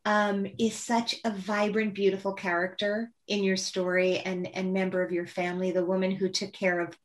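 A woman's voice: medium pitch, little pitch movement, normal speed. A woman interviewing an author, eager and enthusiastic, asking long winding questions. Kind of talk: conversational interview.

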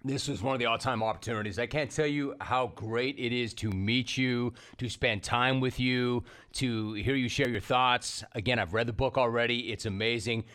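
A man hosts a podcast interview in a casual, effusive way. He heaps praise on his guest and asks questions at a middle pitch. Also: steady tone, normal speed, hardly any pauses, fairly bright tone, clean tone. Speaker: podcast host. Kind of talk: enthusiastic interview.

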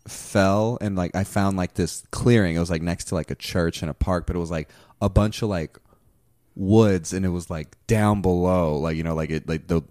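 A man's voice: deep voice, darkish tone, no echo, studio quality. A young man in his twenties telling a crude, rambling story full of "like" fillers in casual chat.

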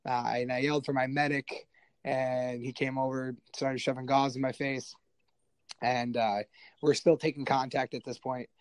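A man's voice: medium pitch, level tone, moderate pace, smooth, no echo. A man, a military veteran, tells his story in a casual, self-deprecating way with lots of fillers. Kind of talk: conversational storytelling.

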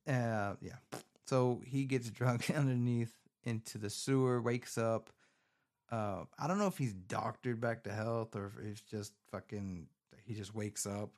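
A man's voice: fairly low pitch, a little slow. Profane, rambling man recapping a film. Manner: profane, rambling, animated storytelling. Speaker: movie recapper. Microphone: phone camera.

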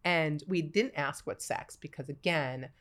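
Femme d'une quarantaine d'années, conteuse animée. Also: female voice, low-pitched, unhurried. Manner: animated storyteller, acts out quotes, laughs often. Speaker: podcast guest. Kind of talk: casual chat.

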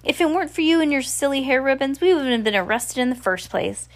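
A woman's voice: mid-range voice, expressive, normal speed, lightly acted. A woman reading the lines of a worried, determined, inventive teenage girl from a storybook, with occasional stumbles.

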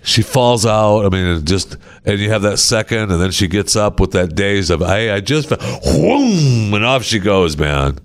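A man's voice: on the low side, normal speed, few pauses. An American man hosting a podcast, chatting casually and acting out stories with sound effects. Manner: animated storyteller, acts out scenes with sound effects. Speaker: podcast host. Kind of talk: casual chat.

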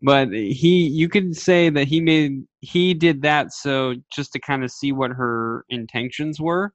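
A man's voice: mid-range voice, a little slow, no echo. A man co-hosting a casual chat, ranting animatedly and quoting others. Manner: animated rants with quoted voices. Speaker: podcast co-host.

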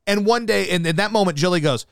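Man, radio host, high gravelly voice, profane animated storytelling, dry close sound. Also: quick pace, no room sound. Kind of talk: casual podcast chat.

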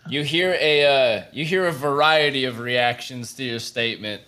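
A man's voice: mid-range voice, moderate pace, sharp tone. A man running a tabletop game as game master, narrating in a laid-back way with many fillers.

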